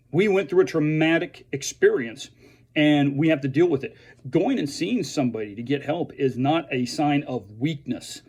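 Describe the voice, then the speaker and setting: A man who is a veteran speaks earnestly and haltingly to fellow veterans, restarting his sentences often. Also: a little high, darkish tone. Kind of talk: earnest direct-to-camera message.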